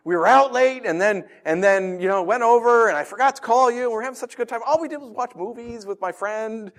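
A man's voice: very high-pitched, a little fast, voice pushed up. A man voicing an apologetic teenage daughter who stammers and rambles through excuses. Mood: pleading.

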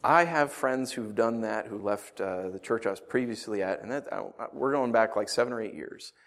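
A man in his thirties, a pastor preaching a sermon, swinging from loud outbursts to quiet asides. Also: fairly low pitch, moderate pace.

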